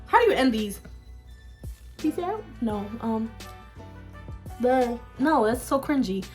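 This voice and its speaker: A young woman telling a story on her mukbang vlog in a casual, animated, dramatic way, with bursts of laughter. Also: on the high side, slow pace, soft background music. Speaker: vlogger. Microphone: phone.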